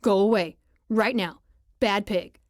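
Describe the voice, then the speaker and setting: A woman's voice: fairly low pitch, fairly even intonation, normal speed, a little mellow, no room sound, clean studio sound, lightly acted. A woman voicing a teasing young hockey player. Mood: firm.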